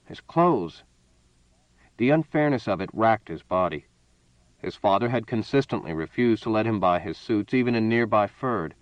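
A man narrating a story in a steady, measured reading voice. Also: on the low side, no room sound, dull audio. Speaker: audiobook narrator. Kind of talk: scripted narration.

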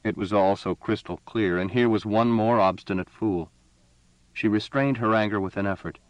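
Steady male audiobook narrator. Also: on the low side, moderate pace, no echo, highs cut off. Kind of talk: scripted narration.

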